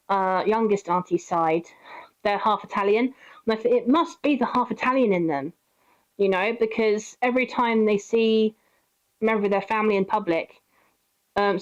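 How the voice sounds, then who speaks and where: A woman's voice: mid-range voice, highs cut off. A young woman streamer telling a story while playing, chatty, laughing often and swearing freely. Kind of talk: casual storytelling while gaming.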